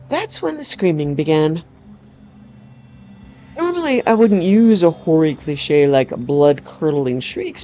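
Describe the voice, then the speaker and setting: A woman's voice: low-pitched, warm tone, a little hiss or hum. A woman narrating a first-person story aloud in a wry, dramatic storytelling manner. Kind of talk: storybook reading.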